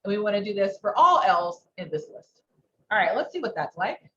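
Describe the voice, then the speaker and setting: A woman's voice: medium pitch, very animated, normal speed, a bit bright. A woman instructor teaching a live coding lesson, thinking aloud and asking rhetorical questions. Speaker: workshop instructor. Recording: dull muffled sound, faint background noise.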